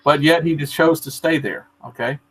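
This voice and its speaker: A man in casual chat, telling a story in an earnest, animated way. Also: fairly high pitch, normal speed, a little hiss or hum, rough recording. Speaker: storyteller in a live video chat.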